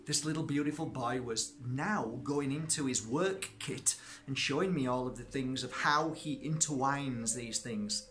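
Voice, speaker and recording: A spiritual healer, a man, telling a personal story in an animated way and acting out both sides of the conversation. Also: mid-range voice, moderate pace. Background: background music.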